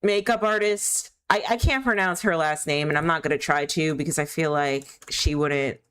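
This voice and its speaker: A woman talks to her stream audience in a loose, rambling way, her voice sitting a little low for a woman. She is candid and opinionated, leaning on fillers as she goes. It sounds like live, unscripted chat. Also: moderate pace, a bit bright, smooth. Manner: chatty, rambling, full of "like" fillers. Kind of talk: casual chat while gaming.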